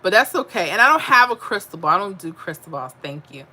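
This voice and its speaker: A woman's voice: medium pitch, very animated, fast talker, bright, forceful tone. A woman hosting a casual livestream, reading viewer comments aloud and answering them in a chatty way. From Florida. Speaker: livestream host reading chat.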